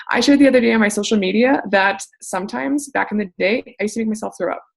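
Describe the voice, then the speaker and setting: A young woman talks fast and energetically to a group call, coaching fellow sellers in a chatty, casual way. Her voice has a gravelly fry, and she swears now and then without losing her upbeat tone. Her pitch sits in the middle for a woman. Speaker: network marketing coach.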